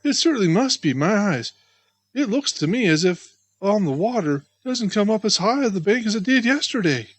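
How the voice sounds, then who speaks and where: A man voicing an eager young male muskrat who calls out excitedly in a storybook reading. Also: high voice, moderate pace, dry recording, voice pushed up. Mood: puzzled. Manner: excited, calling out.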